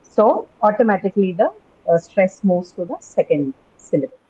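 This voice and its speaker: A woman's voice: medium pitch, very animated, moderate pace, breathy edge, narrow, tinny audio. A woman teaching English pronunciation in a class, explaining patiently and often checking in with "right?". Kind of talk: classroom lecture on word stress.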